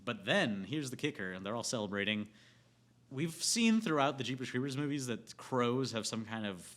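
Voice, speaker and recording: Young man, casual swearing movie rant, rambling, lots of filler words, retells the plot with animated quotes, mid-pitched voice. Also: normal speed. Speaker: movie reviewer.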